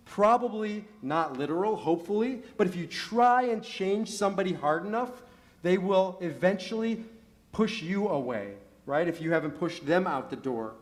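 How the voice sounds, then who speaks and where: A middle-aged man, a rabbi, preaching a sermon in a synagogue, telling stories and asking rhetorical questions with rising emphasis. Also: high-pitched. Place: synagogue sanctuary.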